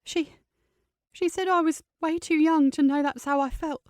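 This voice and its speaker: A woman voicing an upset teenage girl, speaking high and quick in an audiobook. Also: fairly even intonation, darkish tone, no echo, studio quality, close to an everyday voice. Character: distressed teenage girl, tearful and defiant.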